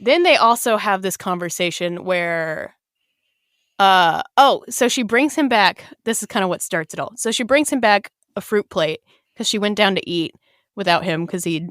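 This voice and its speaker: A woman's voice: medium pitch, lively intonation, normal speed, fairly bright tone, no room sound, studio quality. Chatty woman co-hosting a book podcast. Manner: retells scenes with acted quotes, swears casually. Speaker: podcast co-host. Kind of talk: casual book chat.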